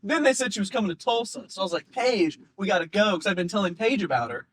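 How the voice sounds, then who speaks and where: Man, high-pitched, animated rambling storyteller, dry close sound. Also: rapid-fire, husky, no room sound. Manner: rambling, laughs often, animated. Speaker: comedian guest. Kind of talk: casual chat, storytelling.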